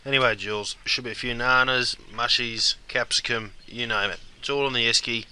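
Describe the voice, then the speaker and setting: A man's voice: medium pitch, steady tone, brisk, pushed and bright, smooth. A man playing a laid-back Australian bloke cooking a barbecue, with an Australian accent and matey banter. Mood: easygoing.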